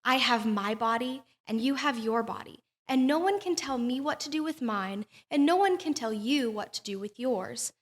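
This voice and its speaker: A woman's voice: a little high, lively intonation, moderate pace, few pauses, natural voice. A young woman quoting an indignant older woman who confronts her at the door. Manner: indignant, accusing.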